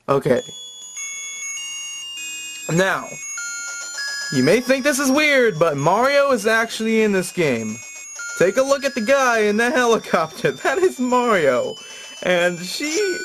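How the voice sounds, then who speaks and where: A young man doing let's-play commentary, joking, rambling and swearing, sometimes bursting into loud excited yells. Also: sits high, slow, pauses often. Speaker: let's player. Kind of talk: video game commentary. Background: game music.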